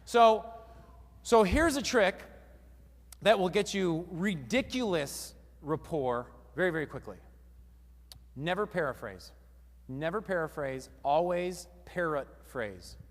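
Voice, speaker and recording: Energetic man speaking on a seminar stage. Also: high-pitched, unhurried, long pauses, long reverb tail. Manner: energetic, quizzes the audience. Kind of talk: live stage seminar talk. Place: large hall with a live audience.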